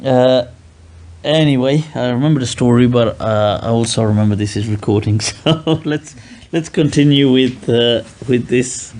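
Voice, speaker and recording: A man leads a relaxed classroom lesson, explaining an old text in an easy, chatty way. He jokes and slips into little grumbling voices to act out what people say. His pitch sits in a middle range. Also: moderate pace. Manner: jokey, acts out grumbling people in asides. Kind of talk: casual classroom teaching.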